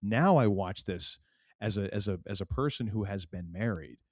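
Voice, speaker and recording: A man's voice: on the low side, expressive, normal speed, darkish tone, no echo, studio quality. A middle-aged man from New England, co-hosting a podcast in casual, rambling chat full of fillers and restarts. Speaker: podcast co-host.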